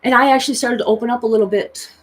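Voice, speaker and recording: A woman in her thirties telling a personal story in a confessional vlog, emotional and earnest, with pitch jumping high as she recalls pleading. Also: fairly even intonation, racing. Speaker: tarot reader and vlogger.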